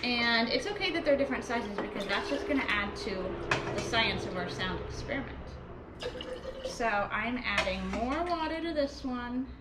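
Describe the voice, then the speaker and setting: Bright, echoey young woman teaching kids. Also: a little high, lively intonation. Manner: cheerful, slow and clear, talks to kids. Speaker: children's music teacher. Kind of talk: lesson for young children. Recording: echoey kitchen with clear background noise.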